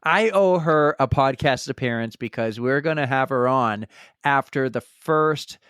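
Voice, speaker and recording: A man's voice: mid-range voice, unhurried, fairly bright tone, clean tone, no room sound. Upbeat male podcast host, dry sound. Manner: enthusiastic, friendly questioning. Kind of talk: casual chat.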